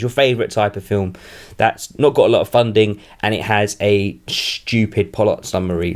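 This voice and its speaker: Man, lowish voice, film podcast co-host, playful, teasing, laughs a lot. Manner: playful, ribbing, laughs often. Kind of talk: casual podcast banter.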